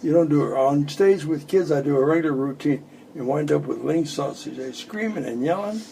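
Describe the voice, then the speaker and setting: A man's voice: on the high side, fairly quick, creaky, dark tone, a little hiss or hum, low-quality recording. A man in his eighties, a magician, chatting at home and telling rambling jokes between tricks. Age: 80s. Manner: joking, rambling storyteller. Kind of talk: casual chat with demonstrations.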